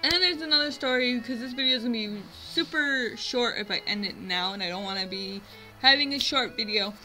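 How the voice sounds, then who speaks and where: A woman's voice: fairly high pitch, fairly quick, over music, poor audio. A young woman in her twenties from the US, rambling through a funny personal story to her vlog viewers, filler words throughout. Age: 20s. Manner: rambling, self-mocking, lots of "like" fillers. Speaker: vlogger. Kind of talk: casual storytelling to camera.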